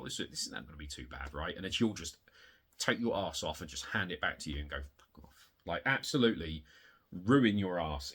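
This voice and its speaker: A man showing off his retro game collection in a casual, rambling way, excitable and swearing, getting worked up in rants, hot and sweaty. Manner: excitable, swearing, rants with big pitch jumps. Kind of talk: casual rambling show-and-tell.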